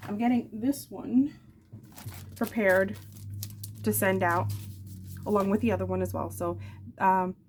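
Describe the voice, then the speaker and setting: A woman's voice: medium pitch, fairly even intonation, measured pace, pauses often, slight background noise. A woman in her forties, chatting casually and affectionately as she shows off craft supplies, with rambling asides. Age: 40s. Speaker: craft channel host. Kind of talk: casual show-and-tell chat.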